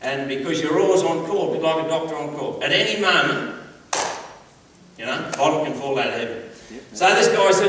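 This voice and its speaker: An Australian man giving a humorous storytelling speech, animated and acting out quoted voices. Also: on the high side, brisk. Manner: animated yarn-spinning, acts out quoted voices, laughs along. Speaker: public speaker. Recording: roomy hall, distant mic, background noise.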